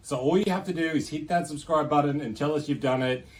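A man's voice: fairly high pitch, fast. A man hosting a casual interview, joking and laughing often. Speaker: host.

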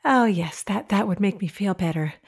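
A woman's voice: mid-range voice, expressive, normal speed, husky. A woman playing a timid, anxious young wife. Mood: relieved, guarded. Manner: hesitant, stammering, soft-spoken. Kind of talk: audio drama acting.

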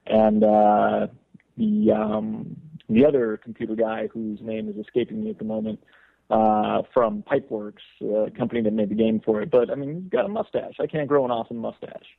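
Gravelly guy calling in, sounds like a phone line, rambly w lots of you know. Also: medium pitch, very animated, normal speed. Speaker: guest, game developer. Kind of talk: casual call-in chat. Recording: tinny internet call line.

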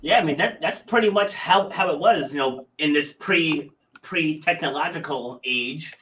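A man's voice: fairly high pitch, moderate pace, bright, forceful tone, poor audio. A man with a New England accent hosting a podcast interview, chatty and friendly, laughing often. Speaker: podcast host. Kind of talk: casual interview chat.

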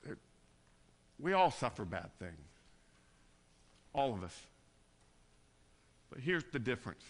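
A man preaching a conversational sermon, moving between quiet, tender passages and loud emphatic bursts. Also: mid-range voice, big pitch swings, takes it slowly. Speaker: pastor.

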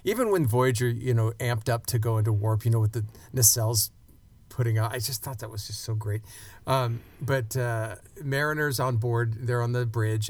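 A man's voice: medium pitch, normal speed, a little mellow, no room sound. A man co-hosting a podcast, recapping an episode with enthusiasm and acting out quotes in casual chat. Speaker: podcast co-host.

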